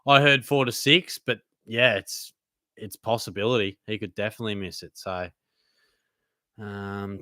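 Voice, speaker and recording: Bright, crisp Australian bloke. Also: male voice, lowish voice, steady tone, a little slow, dry recording, studio quality. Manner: casual, laid-back banter with frequent mates and fillers. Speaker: host. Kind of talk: live Q&A reading chat.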